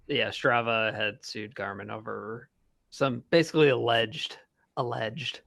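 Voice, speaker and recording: A man co-hosting a casual podcast chat, talking in a measured, hesitant way and hedging his opinions. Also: mid-range voice, steady tone, creaky, fairly bright tone, no echo. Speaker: podcast co-host.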